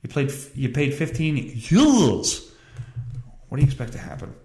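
A man's voice: medium pitch, sing-song, moderate pace, mellow, a little hiss or hum. A man hosting a podcast, rambling through a casual monologue and reading news with a sarcastic, profane manner. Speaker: podcast host. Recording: echoey room.

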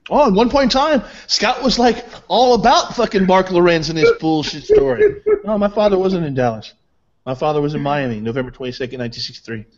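A man's voice: fairly high pitch, muffled recording. A man arguing heatedly as a guest on a live online show, combative and repeating himself to talk over his opponent. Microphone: video call.

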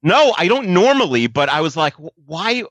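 A man on a podcast giving his opinions in an emphatic, casual way. His pitch moves a lot as he makes his points, and the recording is dry. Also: very animated, normal speed, fairly bright tone, no echo. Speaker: podcast co-host. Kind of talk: casual chat.

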